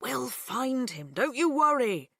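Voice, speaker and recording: A woman voicing a caring middle-aged father who speaks warmly and reassuringly, in an audiobook reading. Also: lowish voice, expressive, a little slow, no room sound, clean studio sound. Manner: warm, soothing reassurance.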